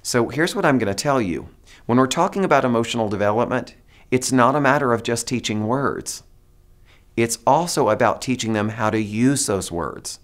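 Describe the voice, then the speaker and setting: Male teacher trainer, mid-pitch, lively and demonstrative, coaching a room. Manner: animated, demonstrative, coaxes audience to repeat phrases. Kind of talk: presentation to teachers.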